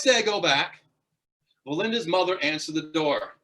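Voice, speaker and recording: A man's voice: high voice, moderate pace. A man telling a humorous true story as a guest speaker at a speaking club, building to punchlines. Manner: animated, punchline-driven storytelling.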